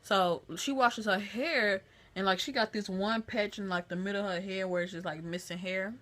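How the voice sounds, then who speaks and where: A woman vlogger chatting to a phone camera, retelling a family story in a lively, chatty way. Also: mid-range voice, moderate pace.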